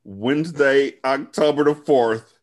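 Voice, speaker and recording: A man's voice: mid-range voice, measured pace. A man co-hosting a podcast in casual chat, wryly recounting events step by step with blunt profanity. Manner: wry storytelling recap with blunt profanity. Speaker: podcast co-host.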